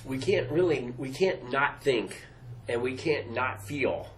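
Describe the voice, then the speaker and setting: A man's voice: medium pitch, animated, slow pace, a little hiss or hum, rough recording. A man hosting a talk on emotional skills, speaking in an earnest, repetitive way and laughing lightly between points. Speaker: host. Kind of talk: casual explanatory talk.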